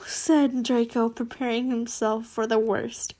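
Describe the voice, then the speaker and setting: A woman's voice: on the high side, steady tone, slow, few pauses, dark tone. Giggly young woman reading fan fiction. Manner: giggly, stumbles and corrects herself. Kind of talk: casual fan-fiction read-aloud.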